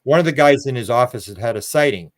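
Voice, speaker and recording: An older man from Canada talks as a guest in a relaxed interview. He rambles from story to story, stumbling over repeated words and restarting sentences. His voice sits at an ordinary middle pitch for a man. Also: fast. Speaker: guest, UFO researcher.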